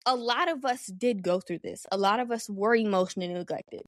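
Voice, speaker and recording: A woman's voice: medium pitch, a little fast, dry recording. Candid young woman, dry close sound. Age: young adult. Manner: candid, swears freely, animated. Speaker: podcast host. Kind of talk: casual solo podcast talk.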